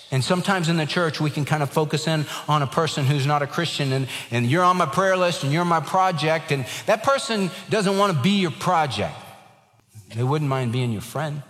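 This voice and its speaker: A man delivers an earnest sermon, his fairly high voice carrying with emphatic weight. A long reverb trails each phrase, as in a large hall. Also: lively intonation, normal speed, fairly bright tone. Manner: earnest, emphatic preaching with a humorous anecdote. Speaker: pastor.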